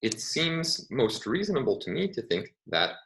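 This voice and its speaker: A man's voice: mid-range voice, sing-song, normal speed, fairly bright tone, slight background noise, poor audio. A man giving a recorded linguistics lecture, thinking aloud with frequent fillers as he works through examples.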